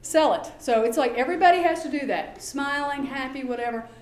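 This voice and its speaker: A woman giving a talk to parents as a behavior specialist. She is chatty and lively and often acts out quoted dialogue. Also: high voice, brisk, echoey room. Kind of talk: presentation to an audience.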